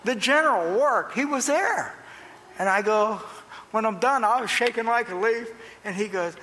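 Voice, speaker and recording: A male pastor from Pennsylvania preaching a sermon, telling folksy stories, booming on emphasis and dropping to quiet asides. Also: normal speed, big-room sound, slight background noise, low-quality recording.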